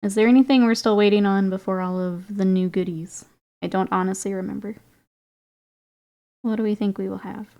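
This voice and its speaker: A woman's voice: medium pitch, steady tone, a little fast, pauses often, warm tone, dull audio. A woman streaming while painting miniatures, chatting casually with viewers, reading their comments and laughing often. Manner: chatty, laughs often, reads and answers chat.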